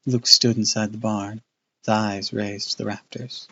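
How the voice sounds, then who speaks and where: Guy reading a book out loud on his stream, kinda low voice, laid back w/ crude jokes, lo-fi mic. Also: little pitch movement, measured pace. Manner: loose, off-hand reading with crude asides. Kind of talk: casual read-aloud on a live stream.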